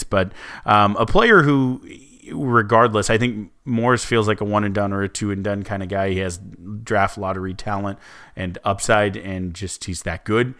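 A man's voice: lowish voice, fairly bright tone, clear, resonant tone. A man co-hosting a casual sports podcast, rambling with many restarts and fillers. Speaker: co-host.

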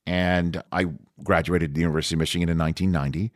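A man in his fifties from Staten Island hosting a podcast, telling a story in a relaxed, rambling way with small restarts. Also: sits low, very fast, no echo, clean studio sound. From Staten Island, New York. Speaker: podcast host.

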